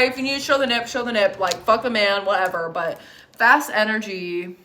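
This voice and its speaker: A woman's voice: mid-range voice, fairly quick, pushed and bright, a little hiss or hum. A woman giving a casual tarot reading, talking straight to viewers in a candid, chatty way with plenty of swearing. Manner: talks straight to viewers, encouraging. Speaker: tarot reader.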